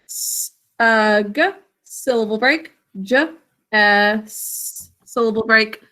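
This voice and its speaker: A woman's voice: fairly high pitch, takes it slowly, pushed and bright. A woman teaching an online literacy lesson over a video call, carefully sounding out words and encouraging her students.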